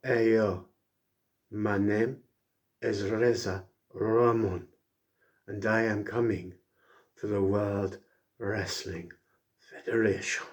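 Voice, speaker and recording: A man doing a quiet, low impression of a cocky male wrestler, boasting in a put-on accent. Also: fairly even intonation, takes it slowly, pauses often.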